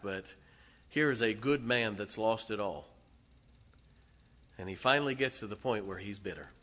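A man's voice: mid-range voice, pushed and bright. A man preaching a sermon, retelling a Bible story dramatically and acting out the voices in it.

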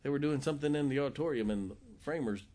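Male pastor, animated sermon storyteller, jokey, average pitch. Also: very fast. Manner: animated, jokey storyteller who acts out quotes.

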